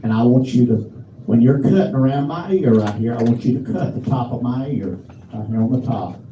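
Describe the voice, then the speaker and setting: A man's voice: medium pitch, mellow, dull audio, slight background noise, natural voice. A comedian acting out a demanding middle-aged woman customer who gives bossy orders to her hairdresser. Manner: bossy, giving rapid orders. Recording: roomy live room from a distance.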